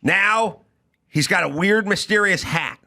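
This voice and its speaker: A man hosting a comedy talk show, telling an animated, ranting story in a studio. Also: high-pitched, unhurried. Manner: animated, ranting, yelling in retold scenes. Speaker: host.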